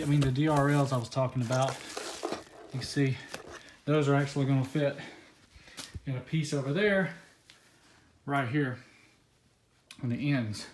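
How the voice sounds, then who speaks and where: Twenty-something southern guy unboxing car parts, hyped and a little winded, roomy echo and faint hiss. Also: a little high. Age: 20s. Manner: excited, rambling, many fillers. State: out of breath. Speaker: car vlogger. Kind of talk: casual unboxing vlog.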